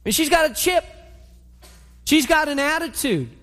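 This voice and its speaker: A man with a high voice preaching a sermon. He tells the story in an animated way and acts out the scenes. His voice carries through a church hall with a long reverb. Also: moderate pace.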